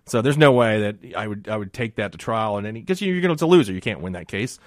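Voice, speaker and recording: A man co-hosting a radio talk show as a former prosecutor, telling animated stories and hedging on touchy points. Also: fairly low pitch, fast talker, no room sound, studio quality. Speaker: radio co-host, former assistant district attorney. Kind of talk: casual radio talk and storytelling.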